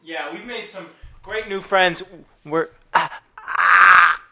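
A man's voice: high-pitched, slow pace, creaky, sharp tone. A young man hosting a casual podcast chat in a laid-back way. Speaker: podcast host.

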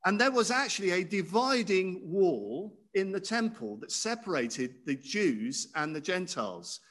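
A man's voice: high voice, fairly bright tone. Guy preaching, chatty, keeps asking the crowd stuff, voice goes up and down a lot. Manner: conversational, asks the audience questions. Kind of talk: sermon.

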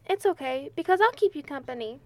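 Woman doing a tiny sweet little girl, super high and eager, stage play, dry close sound. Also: lively intonation, fairly quick, darkish tone, no echo. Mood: chirpy. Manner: childlike, chirpy, earnest. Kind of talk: amateur stage play recording.

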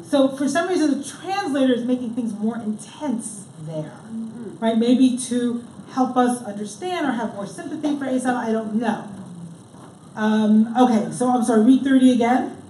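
A woman's voice: a little high, normal speed, dark tone. Woman leading a study class in an echoey room. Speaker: Torah study teacher. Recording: echoey room with background noise.

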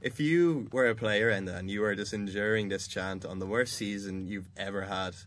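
A man with a lowish voice hosts a football podcast from a studio. His delivery is loose and conversational, and he laughs as he talks. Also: normal speed, a bit bright. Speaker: podcast host. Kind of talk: casual sports chat.

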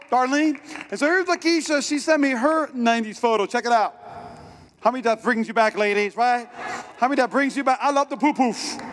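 A man's voice: very high voice, a bit bright, a little hiss or hum. A man in his thirties preaching a playful sermon, joking and asking the congregation questions. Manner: joking, asks the crowd questions. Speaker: pastor.

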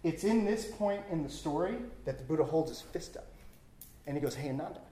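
A Buddhist teacher with a mid-range voice and brisk pace gives a dharma talk to a class. Playful and animated, she demonstrates with objects and keeps checking in with "right?"

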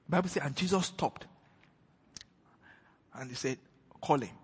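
Male preacher, fairly high and very husky, emphatic sermon delivery, reverberant church hall. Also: animated, normal speed, long pauses. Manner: emphatic, swings between loud declaration and hushed retelling.

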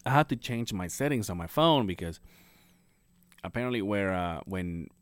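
A man's voice: on the low side, lively intonation, moderate pace, smooth, no room sound. A man co-hosting a podcast, telling a rambling story with a lot of swearing and laughter. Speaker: podcast co-host. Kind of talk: casual chat.

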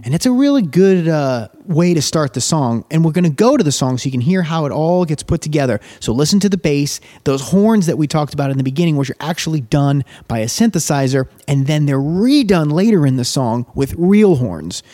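A man's voice: a little high, animated, brisk, few pauses, dark tone. A man hosting a podcast, talking casually and eagerly about a song and reading its lyrics aloud. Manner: enthusiastic, explains while reading lyrics aloud. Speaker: podcast host. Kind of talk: casual music commentary.

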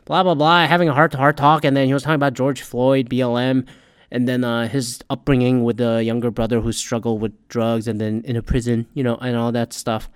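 A man riffs on a reality show in a loose, heated, profanity-laced ramble and keeps circling back on his own sentences. His voice sits at an ordinary middle pitch. The recording is close and dry, with no room sound. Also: level tone, a little fast, smooth, no echo. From Korean American. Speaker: podcast host. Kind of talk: casual ranting commentary.

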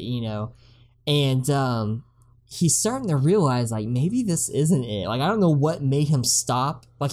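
Deep-voiced woman rambling through a movie recap. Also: darkish tone. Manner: rambling, with many fillers and laughs. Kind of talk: casual chat recapping a movie.

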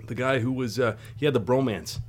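A man co-hosting a podcast, chatting casually and telling animated stories that crack him up. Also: mid-range voice, brisk. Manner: excited storyteller, laughs hard at his own stories. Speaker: podcast co-host. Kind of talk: casual chat.

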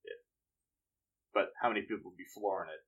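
A man's voice: sits low, a little fast, narrow, tinny audio. A man from northeastern Pennsylvania in casual chat, musing and trailing off with fillers.

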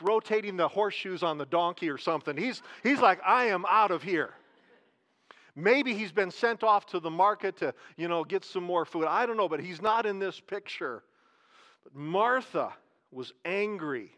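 A pastor with a notably high-pitched voice delivers a sermon like a chat with his congregation. He asks questions, repeats his key lines and draws out words for emphasis. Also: a bit bright.

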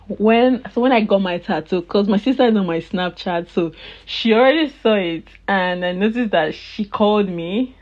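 Woman host, casual storytelling monologue, laughs a lot, lo-fi audio. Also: medium pitch. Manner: chatty, laughs often, animated retelling of dialogue. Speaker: podcast host.

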